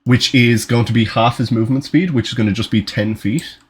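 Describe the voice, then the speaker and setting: A man's voice: medium pitch, steady tone, fairly quick, slightly rough. A man running a tabletop game as game master, narrating casually, swearing and breaking off mid-sentence, on an online voice call. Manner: casual, swearing, self-interrupting.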